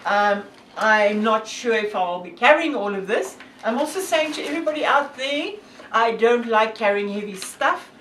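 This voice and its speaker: A South African hiker and vlogger with a South African accent talks casually to camera, earnest and devout, using many fillers. Her voice is fairly high, animated, and fairly bright at a moderate pace. The audio is poor, with an echoey room, a distant mic, and a little hiss or hum.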